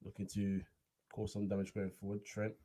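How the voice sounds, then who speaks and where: A man's voice: on the low side, monotone, moderate pace, mellow. A young man giving casual play-by-play football commentary, chatty and naming players as the game goes.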